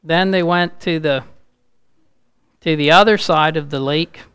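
A man giving an informal, halting sermon, speaking with a gravelly voice that rises loud and urgent at points. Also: a little high, no room sound, clean studio sound. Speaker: preacher.

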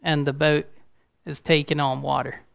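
A man delivers an informal sermon at an unhurried pace, often stopping to restart his sentences. His voice is a little high and has a gravelly edge, yet the words come through smooth and clear. Now and then he builds to a loud, urgent push. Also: flat delivery, no room sound, studio quality. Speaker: preacher.

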